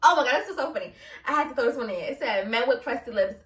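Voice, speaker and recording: A young woman hosts a casual solo podcast in a high, bright voice. She talks bluntly and with a lot of animation, laughing and swearing as she goes. The room is echoey and she sits a little back from the mic. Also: lively intonation, fast talker, recorded from a distance, a little hiss or hum. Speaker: podcast host.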